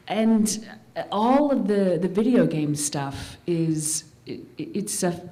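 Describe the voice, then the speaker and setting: A woman on a voice actor panel, talking earnestly and quickly about her work. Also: low-pitched, warm tone. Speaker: voice actress panelist. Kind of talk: casual panel chat. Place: convention panel room.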